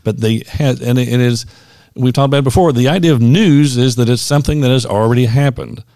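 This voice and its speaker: A man's voice: medium pitch, brisk, warm tone, dry recording, clean studio sound. A man, a former pastor who co-hosts a podcast, chatting casually and reading quotes aloud. He talks in a reflective, thoughtful way and often restarts his sentences.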